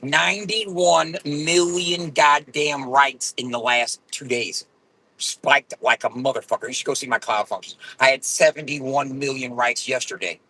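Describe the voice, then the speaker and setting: A man ranting angrily with constant swearing and loud outbursts while driving in his car. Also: mid-range voice, a little slow, low-quality recording. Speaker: vlogger. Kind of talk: profane ranting vlog.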